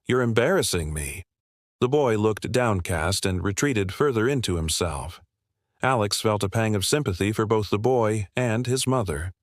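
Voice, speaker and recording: Low-voiced man narrating a story. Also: normal speed, no echo, studio quality.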